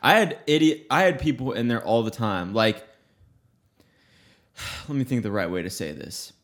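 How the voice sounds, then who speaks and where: A man's voice: mid-range voice, moderate pace, a bit bright. A man in casual podcast chat, laid-back and amused, giving blunt opinions. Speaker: podcast co-host.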